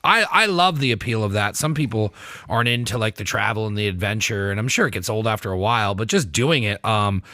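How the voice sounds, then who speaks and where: Host dude, bright sharp voice, laughs a lot, super dry mic. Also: male voice, on the low side, lively intonation, no echo. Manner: laughs easily, quick back-channel yeahs. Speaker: podcast host. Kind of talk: casual chat. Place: basement studio.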